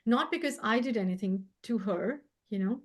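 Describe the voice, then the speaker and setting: A woman appearing as a guest healer in a casual chat, speaking gently and warmly. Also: medium pitch, normal speed.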